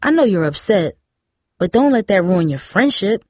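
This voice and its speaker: A woman's voice: mid-range voice, sing-song, moderate pace, a little mellow, no echo, clean studio sound. A woman voicing a breezy, coaxing teen friend. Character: friendly teenage girl, upbeat best friend.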